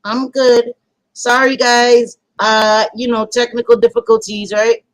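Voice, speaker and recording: A woman's voice: fairly high pitch, little pitch movement, measured pace, no echo, poor audio. Woman streamer, laid-back and profane, runs a roll call of her chat. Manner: chatty, swears casually, greets viewers by name. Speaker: livestream host. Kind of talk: casual livestream chat.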